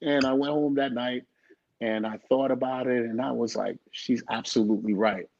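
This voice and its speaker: A middle-aged man, a guest in an interview, telling a personal story in an animated way and acting out the dialogue. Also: medium pitch, moderate pace, vocal fry, a little hiss or hum. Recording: dull lo-fi recording.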